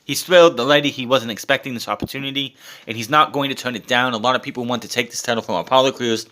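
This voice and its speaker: A man's voice: medium pitch, fast, bright, forceful tone. A man recapping a show in a casual, blunt and sarcastic way, with swearing and filler words. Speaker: wrestling show reviewer.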